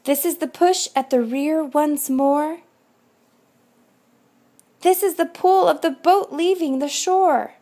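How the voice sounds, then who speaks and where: A woman with a high voice reads a rhyming picture book aloud to children. She takes it slowly and rhythmically, leaning into each line expressively. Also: mellow. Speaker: volunteer reader.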